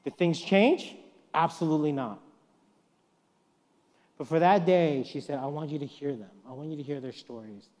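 A man's voice: a little high, moderate pace, long pauses. Preacher man in an echoing hall. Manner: storytelling, acts out quoted voices, swings from soft to loud. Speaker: guest preacher. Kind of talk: sermon. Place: church. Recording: long reverb of a church hall.

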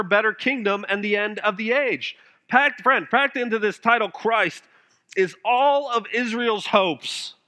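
A man preaching a sermon with passion, now and then dropping his voice to a hush for emphasis. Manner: impassioned preaching, dropping to hushed low phrases for emphasis. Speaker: pastor.

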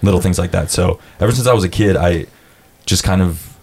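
Deep-voiced casual young man. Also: a little fast, darkish tone, slight background noise. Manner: laid-back storyteller, says dude a lot, swears, acts out quotes. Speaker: podcast guest. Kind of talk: casual chat.

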